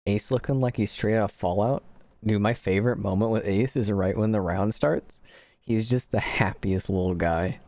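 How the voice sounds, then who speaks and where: A slightly hoarse man streaming a game, chatting casually and joking at his own expense to viewers. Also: lowish voice, moderate pace, a little mellow, dry recording. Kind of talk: casual gameplay commentary.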